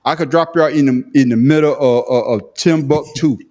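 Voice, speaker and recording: A man with a country Southern accent, co-hosting a casual podcast chat, talking in a profane, animated, self-mocking way with frequent laughter. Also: on the high side, brisk. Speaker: podcast co-host. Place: remote call.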